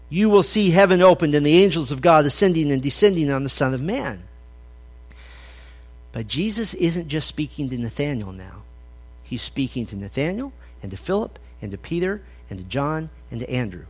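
A man's voice: a little high, animated, normal speed. A man preaching an expository sermon, conversational and emphatic as he quotes scripture. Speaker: pastor.

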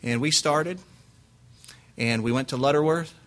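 A male pastor telling a lively personal story, acting out his quotes and restarting his sentences often. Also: on the high side, measured pace. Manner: animated anecdote with acted quotes, frequent restarts and laughs. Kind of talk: preaching storytelling.

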